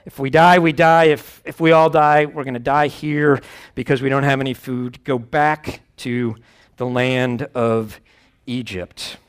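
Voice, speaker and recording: A man's voice: medium pitch, steady tone, unhurried, smooth, close to an everyday voice. A man doing an exasperated old father. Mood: resigned. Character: aging father, anxious and exasperated.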